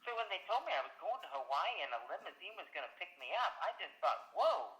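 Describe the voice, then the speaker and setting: Bright, animated older actress. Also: female voice, lowish voice, fast talker, roomy sound, poor audio. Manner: animated, exclamatory storyteller. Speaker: actress being interviewed. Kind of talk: casual storytelling interview.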